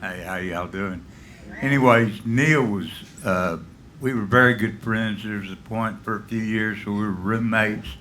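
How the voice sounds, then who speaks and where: Man, low but bright and forceful voice, earnest spoken tribute, faint bar noise. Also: a little slow. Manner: earnest, off-the-cuff. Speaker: musician paying tribute. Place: small pub stage.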